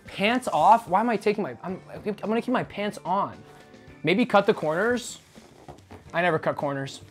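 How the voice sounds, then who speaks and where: A man's voice: sits high, expressive, moderate pace. A man streaming casually, rambling and joking as he talks to his chat and swears now and then. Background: faint background music.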